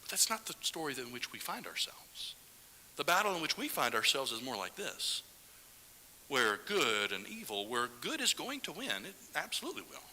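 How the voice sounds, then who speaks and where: Animated preacher man, bright sermon voice. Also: medium pitch, moderate pace, in a large hall, a little hiss or hum, poor audio. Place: church sanctuary.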